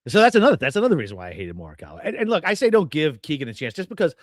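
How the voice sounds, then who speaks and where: A man co-hosting a casual golf betting podcast, ranting with lively, profane emphasis. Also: on the high side, racing, few pauses, dry recording. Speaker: podcast co-host. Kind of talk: casual sports betting chat.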